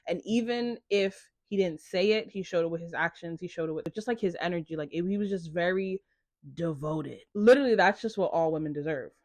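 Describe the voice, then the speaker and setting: A young woman talks straight into the camera in a casual confessional vlog. She is chatty and animated, telling her story with plenty of "like." The sound is close and dry, with no room around it. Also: on the low side, brisk, dry recording. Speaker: content creator.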